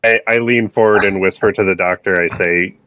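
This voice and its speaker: A man's voice: deep voice, steady tone, fairly quick, pushed and bright. A man taking part as a player in a tabletop role-playing game, speaking hesitantly and thoughtfully. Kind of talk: casual tabletop role-play.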